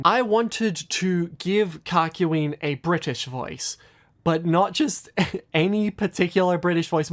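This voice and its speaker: A casual commentary voice from an animator on their own channel. They ramble through tangents, restart sentences, stack fillers and poke fun at their own work. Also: mid-range voice. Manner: rambling, self-deprecating, many fillers and restarts. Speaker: animator and video creator.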